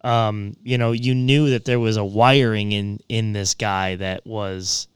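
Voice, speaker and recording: A man's voice: fairly low pitch, steady tone, a little slow, clear, resonant tone, no room sound, clean studio sound. A man co-hosting a podcast, chatting enthusiastically about a movie with lots of fillers. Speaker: podcast co-host. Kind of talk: casual movie review chat.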